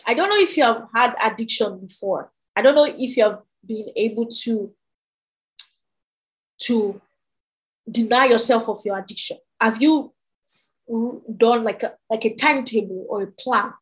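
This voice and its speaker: A woman's voice: on the high side, moderate pace, rough recording. A young woman preaching and sharing her testimony in an earnest, emphatic way, often repeating her phrases. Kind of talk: testimony sermon.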